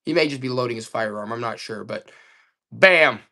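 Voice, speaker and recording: A man's voice: medium pitch, moderate pace, vocal fry. A man selling items on a live auction stream, hyping each piece and talking to his viewers. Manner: excited hype salesman talk.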